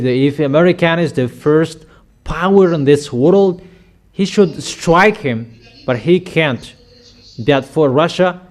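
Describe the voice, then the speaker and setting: Male preacher, slow and emphatic, higher-pitched, sudden loud outbursts. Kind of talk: sermon.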